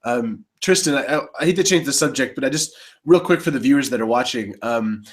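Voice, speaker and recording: A man co-hosting election night coverage in a relaxed panel chat. He rambles, restarts his sentences and gets excited about how voting works. His voice sits at an ordinary middle pitch. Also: fairly quick. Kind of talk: casual panel discussion.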